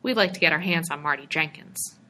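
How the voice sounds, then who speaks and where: A woman's voice: deep voice, brisk, pushed and bright, a little hiss or hum. A woman reading as a folksy small-town real estate man. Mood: chatty. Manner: rural dialect, chatty.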